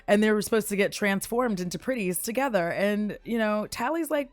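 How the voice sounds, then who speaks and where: A woman casually recapping a movie, profane, giggly and animated as she tells the story. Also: medium pitch, a little slow, no room sound.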